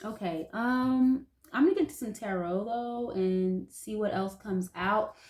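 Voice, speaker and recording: A woman talks through a tarot spread in a relaxed, conversational way, her voice sitting at an ordinary middle pitch. She rambles a little, fills gaps with "like" and "um," and lets a curse word slip now and then. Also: a little slow. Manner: chatty and loose, heavy use of "like", occasional swearing. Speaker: tarot reader. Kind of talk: casual intuitive tarot reading to viewers.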